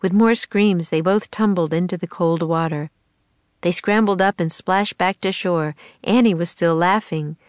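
Low-voiced woman narrating a storybook. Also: no echo. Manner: measured, expressive, clear storytelling. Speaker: audiobook narrator.

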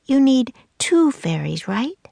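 A woman voicing an eager, bold little girl in a storybook reading, excited and pleading. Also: high-pitched, takes it slowly, creaky, no echo, pitched above the performer's own voice, heavily acted. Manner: excited, pleading, rising questions.

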